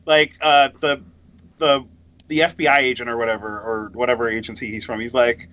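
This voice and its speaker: A man co-hosting a podcast in casual chat, rambling and excitable, laughing often. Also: mid-range voice, brisk, highs cut off. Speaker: podcast co-host.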